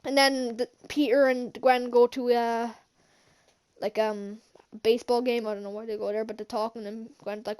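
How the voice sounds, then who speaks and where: A woman with a high-pitched voice talks through a movie scene by scene in a loose, casual vlog. She hesitates often, restarts her sentences and fills gaps with little words. She keeps chuckling to herself as she goes. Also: flat delivery, moderate pace, a little mellow, smooth. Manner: rambling, hesitant, many fillers and restarts. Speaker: channel host, film reviewer.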